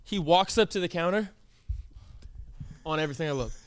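High-voiced young man telling a story. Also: a little fast, clear, resonant tone, no echo. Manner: animated, with many fillers and reenacted quotes. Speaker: podcast host. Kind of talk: casual storytelling.

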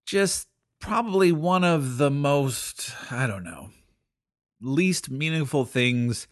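A man's voice: medium pitch, fairly bright tone, no room sound. Guy hosting a talk show, rambling and self-deprecating, lots of uhs, dry close mic. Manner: conversational, self-deprecating, with many fillers. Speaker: podcast host. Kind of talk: casual spoken commentary.

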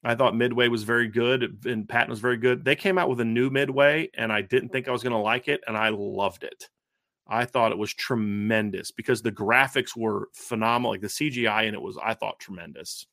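A man's voice: mid-range voice, brisk, vocal fry, fairly bright tone, dry recording, studio quality. A man in his thirties co-hosting a casual football podcast, talking emphatically and repeating his points. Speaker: co-host of a college football show.

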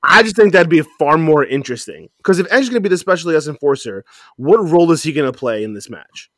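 A man co-hosting a casual wrestling chat, animated and laughing often, breaking into mock voices. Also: on the high side, fast, no echo, clean studio sound. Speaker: podcast co-host.

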